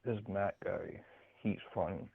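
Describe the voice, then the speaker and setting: Gravelly male caller on a tinny phone line. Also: low voice, measured pace, slight background noise. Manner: repetitive, pleading, stuttering restarts. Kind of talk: call-in chat.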